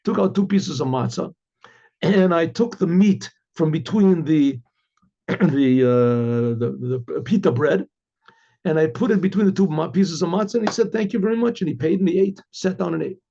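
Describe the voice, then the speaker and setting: A rabbi telling a story, animated and full of quoted voices, who often clears his throat and restarts his words. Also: on the high side, normal speed. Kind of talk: storytelling talk. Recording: dull lo-fi recording.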